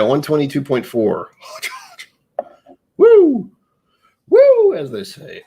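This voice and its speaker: Low-voiced man rambling on a livestream. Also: a little hiss or hum. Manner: rambling, self-mocking, jokey. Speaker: live streamer. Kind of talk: casual livestream chat.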